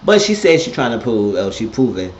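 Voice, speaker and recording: A man recapping a TV episode in a casual monologue, blunt and profane, telling it with animated energy. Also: mid-range voice, a little fast, a little hiss or hum. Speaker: TV episode reviewer. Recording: echoey, dull lo-fi room sound.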